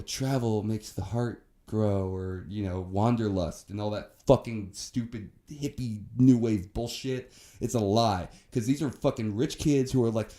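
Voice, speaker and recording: A young podcast co-host with a mellow, dark, mid-range voice rants and vents, cursing freely. His heated, profane delivery keeps the loose rhythm of casual co-host chat.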